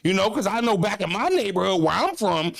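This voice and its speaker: An American man tells a story on his channel, his pitch swinging up and down as he talks. His delivery is streetwise and full of cursing, and the sound is dry and close with no room echo. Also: a little fast, gravelly. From United States. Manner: animated, profane, streetwise storytelling. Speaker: vlogger. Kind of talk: casual storytelling vlog.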